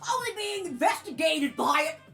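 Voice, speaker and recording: A woman's voice: very high voice, sing-song, moderate pace, gravelly, a bit bright, faint music behind. A woman talking indignantly in a podcast clip played for commentary. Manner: indignant, emphatic.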